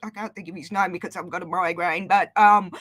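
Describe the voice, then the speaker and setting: A woman's voice: on the low side, fairly even intonation, fairly quick, a bit bright, no room sound. A woman from Australia, calling in to a livestream and chatting casually with frequent hesitant fillers. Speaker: caller on a livestream. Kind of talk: casual chat.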